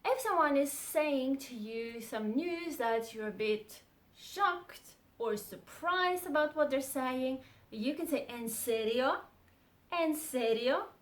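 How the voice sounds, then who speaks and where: A young adult woman teaching a language lesson, saying model phrases slowly and repeating them. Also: sits high, lively intonation.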